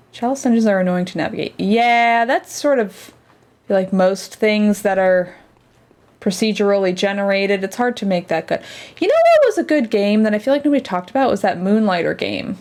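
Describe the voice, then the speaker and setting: A woman's voice: medium pitch, a little mellow. A woman streamer chatting casually and reacting aloud as she plays a game. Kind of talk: casual let's-play commentary.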